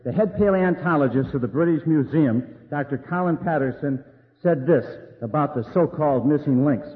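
Measured man arguing in a debate. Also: fairly high pitch. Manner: measured, emphatic lists. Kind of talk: formal debate argument. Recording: tinny lo-fi audio in a reverberant hall.

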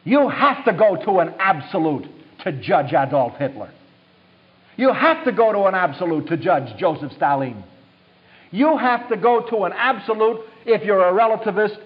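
A man's voice: high-pitched, highs cut off. Emphatic older man lecturing. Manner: emphatic, storytelling, rhetorical. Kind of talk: apologetics lecture.

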